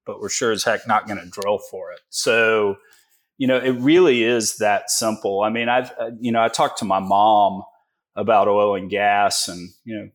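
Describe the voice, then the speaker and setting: A man's voice: on the low side, fairly even intonation, moderate pace. A Texan man in his forties, a guest telling stories in a folksy, joking way with many fillers. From Texas. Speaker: guest, energy investor. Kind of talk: casual interview talk.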